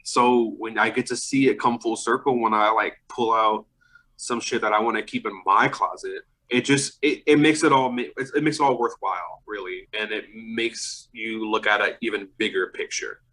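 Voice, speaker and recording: A man's voice: fairly low pitch, fairly even intonation, moderate pace, pushed and bright, low-quality recording. A young man in a casual podcast interview, talking loosely about selling vintage clothes, swearing and laughing often. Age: young adult.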